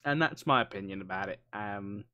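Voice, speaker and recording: A man's voice: fairly low pitch, fairly quick, pushed and bright, highs cut off. Upbeat encouraging male podcast host. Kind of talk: casual chat.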